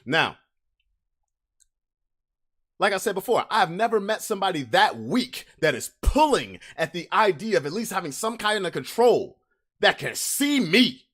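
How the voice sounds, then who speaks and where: Brash, animated man ranting on a podcast. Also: high voice, measured pace. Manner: brash, swaggering, trash-talking. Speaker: podcast host. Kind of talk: comedic podcast rant.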